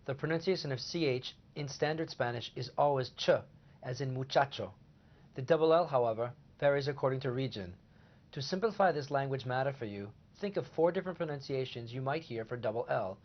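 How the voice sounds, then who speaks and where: A man co-hosting a short scripted language lesson, explaining points in a steady way. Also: mid-range voice, brisk, dull audio. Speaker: language teacher co-host.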